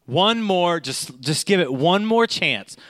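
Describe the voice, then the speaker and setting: A man's voice: sits high, animated, slow, a bit bright, no room sound, voice pushed up, heavily acted. A man voicing an exasperated young woman coaxing her date, in a raised voice. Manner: insistent, coaxing.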